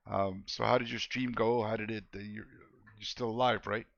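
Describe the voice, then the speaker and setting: A man's voice: lowish voice, fairly even intonation, normal speed, vocal fry, a bit bright, highs cut off. A man streaming a video game, chatting casually with viewers in a laid-back, joking way and laughing often. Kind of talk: casual gameplay chat with viewers.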